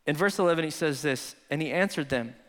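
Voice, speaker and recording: A pastor with a fairly high man's voice, preaching in a relaxed, conversational storytelling way. His words ring out with a long reverb through a church hall. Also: fast talker. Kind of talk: sermon.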